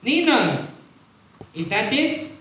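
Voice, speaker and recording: Brief: young woman as a curt male casting director, slow and clipped, echoey stage. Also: on the high side, sing-song, fairly bright tone, distant mic, full character voice. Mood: impatient. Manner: curt, slow, deliberate questions. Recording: echoey stage with faint hiss.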